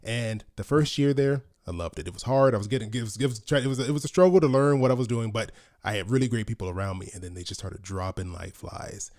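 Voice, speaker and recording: A man's voice: lowish voice, fast talker, few pauses, darkish tone, no room sound, clean studio sound. A young adult man co-hosting a podcast, chatting casually and rambling with frequent restarts. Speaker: podcast co-host. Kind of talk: casual chat.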